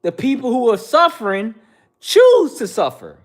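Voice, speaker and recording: A man's voice: extremely high pitch, wildly swooping pitch, measured pace. A man in his thirties hosting a livestream, bluntly lecturing viewers in the chat with repetitive slang. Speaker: livestream host. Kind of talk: casual livestream rant.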